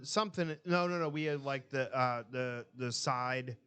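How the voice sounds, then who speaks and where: A man's voice: mid-range voice, moderate pace, clean tone. A man co-hosting a casual podcast, telling stories with lots of swearing and acting out what people said. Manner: profane, animated storyteller acting out quotes. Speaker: podcast co-host. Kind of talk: casual storytelling chat.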